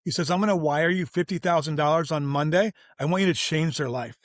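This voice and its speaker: A man telling a story informally on an interview show, animated and slangy, voicing everyone he quotes. His voice sits a bit higher than most men's. The recording is close and dry, with no room sound. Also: a little fast, dry recording. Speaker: guest, business owner.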